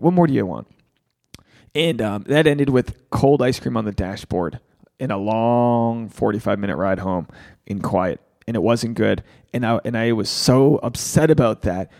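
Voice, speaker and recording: Animated, swearing man with a fairly high voice. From Rhode Island. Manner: animated, swears freely, acts out quotes. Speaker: podcast host, standup comedian. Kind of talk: candid podcast talk.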